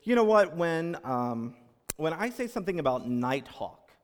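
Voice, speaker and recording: A man leading a congregation, moving between reflective reading and playful, encouraging storytelling. His voice sits a little high for a man and swings widely in pitch. A long reverb trails his words through a large sanctuary. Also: very animated, moderate pace. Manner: encouraging, playful, makes animal noises to cue the congregation. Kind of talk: reading aloud and leading a participatory children's story.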